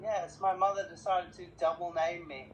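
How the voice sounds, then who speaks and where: A woman's voice: lowish voice, steady tone, moderate pace, slight background noise, rough recording. A woman from Australia with an Australian accent, a giggly and friendly caller on a live video chat.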